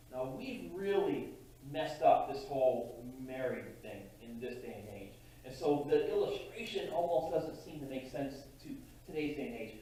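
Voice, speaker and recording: A man preaching a sermon as pastor, in a conversational, halting way with frequent restarts. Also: on the high side, dark tone. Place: church sanctuary. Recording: distant mic in a very echoey church hall.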